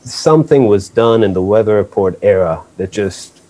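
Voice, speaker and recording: A man from Israel, a guest musician telling a casual, animated story full of swearing and acted-out quotes. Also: lowish voice, moderate pace.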